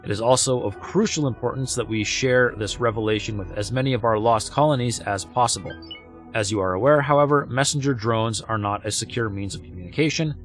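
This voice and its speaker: A man doing a newscaster voice, reading a formal report aloud in a measured, even delivery. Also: mid-range voice, faint music behind, natural voice. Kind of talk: reading game text aloud in character.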